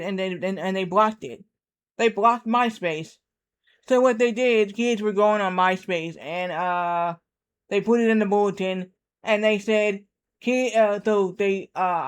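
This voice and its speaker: A man's voice: high-pitched, smooth. A man in his thirties streaming a game, telling a rambling story with lots of repeats and acted-out quotes. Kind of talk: casual storytelling while gaming.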